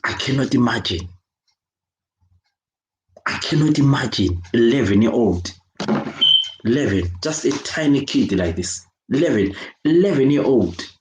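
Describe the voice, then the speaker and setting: A man's voice: mid-range voice, expressive, a little slow, long pauses, darkish tone, reverberant, slight background noise, low-quality recording. A Zimbabwean man speaking out in an impassioned video rant, angry and emphatic, repeating himself as he condemns what he has seen. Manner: angry, emphatic, repetitive, switching between English and Shona. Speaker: children's worker speaking out.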